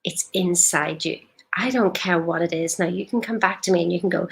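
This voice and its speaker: Woman life coach, lowish voice, blunt and emphatic on a live stream. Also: brisk, gravelly. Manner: direct, emphatic, rhetorical questions.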